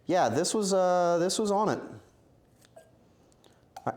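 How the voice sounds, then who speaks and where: A man's voice: high voice, lively intonation, takes it slowly, a little mellow. A man streaming himself cooking in a home kitchen, chatting to his viewers in a rambling, self-mocking way with bursts of mock outrage. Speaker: streamer cooking live for chat. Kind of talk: rambling live-stream chat while cooking.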